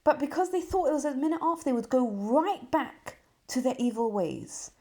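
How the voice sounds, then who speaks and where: A woman hosting a podcast, giving a Torah lesson as a story, full of rhetorical questions and soft dips for emphasis. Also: sits high, lively intonation, moderate pace. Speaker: podcast host and Torah teacher.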